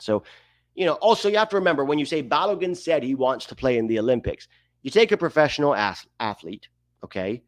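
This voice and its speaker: Hosting a soccer livestream, a man in a mid-range voice offers forceful, opinionated commentary, often throwing out rhetorical questions. No room sound is audible.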